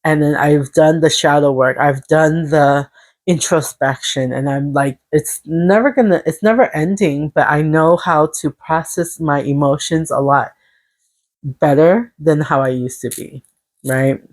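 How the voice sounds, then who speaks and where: A woman giving a casual tarot reading, earnest and encouraging, rambling with halting restarts. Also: sits low, a little mellow. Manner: earnest, encouraging self-help tone. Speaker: tarot reader.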